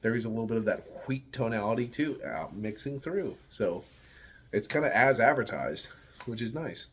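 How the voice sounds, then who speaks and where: A man's voice: fairly low pitch, lively intonation, moderate pace, fairly bright tone. A man from the United States giving a casual, rambling beer tasting review, searching for words and swearing now and then.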